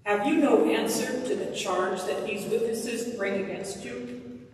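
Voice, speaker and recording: A reader taking the parts of the high priest and Pilate, questioning forcefully. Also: unhurried, a little hiss or hum, natural voice. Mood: accusing. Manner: forceful, accusing. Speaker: liturgy reader. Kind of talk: Passion gospel reading. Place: church sanctuary. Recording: echoey church from far off.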